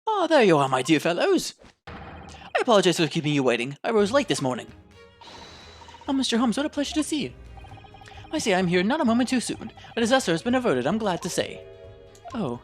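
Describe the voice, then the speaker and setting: A woman's voice: mid-range voice, very animated, brisk, pauses often, faint music behind, pitched above the performer's own voice, natural voice. Woman doing a pompous eccentric detective. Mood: grand. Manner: grand, airy and theatrical.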